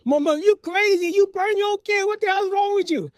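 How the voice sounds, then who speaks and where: A man's voice: extremely high pitch, fairly quick, a little mellow, no echo, studio quality, pitched above the performer's own voice. A man playing a shrieking panicked mother. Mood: frantic. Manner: shrieking, frantic. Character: frantic screaming mother, shrill and panicked.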